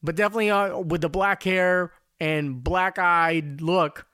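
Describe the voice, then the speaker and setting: A man's voice: sits high, steady tone, a little slow, pushed and bright, smooth, dry recording, clean studio sound. A man hosting a podcast, talking through commentary in a casual, rambling way, often repeating words as he starts. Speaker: podcast host.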